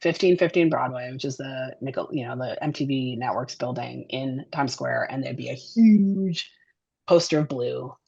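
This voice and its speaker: A woman who directs and produces children's television, chatting as an interview guest in a chatty, animated way with many fillers. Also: a bass voice, normal speed, gravelly, husky, lo-fi sound. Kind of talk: casual interview chat.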